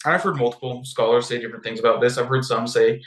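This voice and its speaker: A man co-hosting a podcast, retelling a story casually and acting out characters' lines in animated voices. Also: medium pitch, fast talker, echoey room, low-quality recording. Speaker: podcast co-host.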